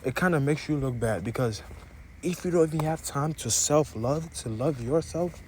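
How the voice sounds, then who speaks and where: A man's voice: on the high side, normal speed, slight background noise. A young man from Africa, with an accent mixing African and American, giving an opinionated, rambling monologue straight to his viewers. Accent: African mixed with American. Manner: rambling, repeats and restarts phrases, addresses viewers directly. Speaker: vlogger. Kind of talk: opinionated casual monologue to camera.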